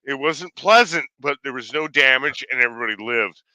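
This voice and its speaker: A man's voice: mid-range voice, expressive, fairly quick, bright, forceful tone, dry recording, rough recording. A man telling a story in casual chat, full of fillers and swearing.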